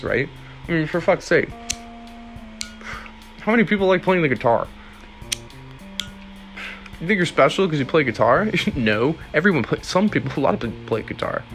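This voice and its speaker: A man's voice: medium pitch, a bit bright. A young man hosting a casual solo podcast, rambling and profane, laughing now and then as he talks. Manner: rambling, profane, laid-back, laughs often. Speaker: podcast host.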